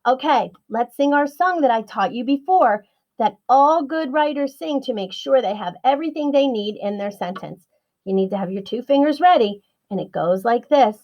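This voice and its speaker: Woman, early-grades teacher; bright encouraging sing-song delivery, lo-fi dull recording. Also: a little high, animated. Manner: slow, sing-song and encouraging, stretching words out for young learners. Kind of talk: children's online writing lesson.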